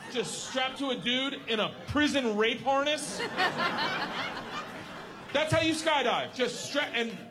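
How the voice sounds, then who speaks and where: Loud crude comic guy in his 40s, high bouncy voice, noisy live room. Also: takes it slowly, pauses often. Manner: loud, crude and animated, acts out every voice. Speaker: stand-up comedian. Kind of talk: stand-up storytelling. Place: live comedy venue with an audience.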